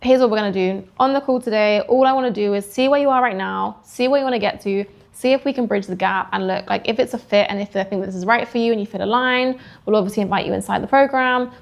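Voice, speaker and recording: Woman sales coach, gravelly edge, animated, acts out call lines. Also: mid-range voice, quick pace, few pauses. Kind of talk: teaching sales calls to camera.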